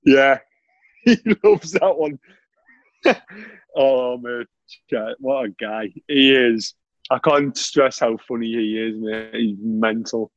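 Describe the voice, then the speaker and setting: A man's voice: mid-range voice, takes it slowly, pauses often, no room sound, highs cut off. A man telling stories in a casual chat, laughing often and saying "mate" constantly. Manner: laughs a lot while telling anecdotes, says "mate" constantly.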